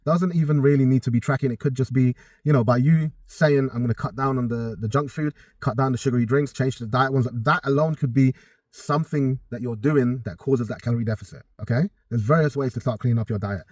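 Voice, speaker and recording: A man's voice: mid-range voice, fairly quick, darkish tone, no room sound. A young man, a personal trainer giving blunt, profane, casual advice straight to his viewers. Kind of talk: casual direct-to-camera advice.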